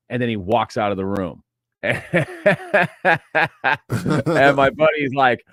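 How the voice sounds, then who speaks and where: A man's voice: on the low side, fast talker, fairly bright tone, no echo. Rambling man, dry close sound. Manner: rambling storyteller, many fillers and restarts. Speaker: podcast co-host. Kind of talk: casual chat.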